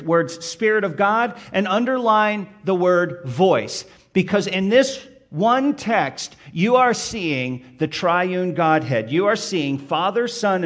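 A man preaching a sermon, addressing the listeners directly with questions and building emphasis on key points. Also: sits high. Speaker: pastor.

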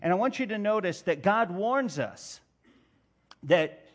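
A male pastor delivers a sermon, posing rhetorical questions to his congregation and working up to loud, emphatic passages. His voice sits high and sounds animated, with a slightly slow delivery.

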